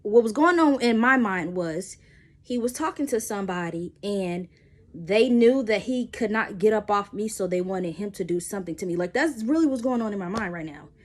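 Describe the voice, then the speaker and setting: A young woman, telling a personal story in a casual storytime and acting out the voices with sudden jumps in pitch. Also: normal speed. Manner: animated, acts out quotes with pitch jumps.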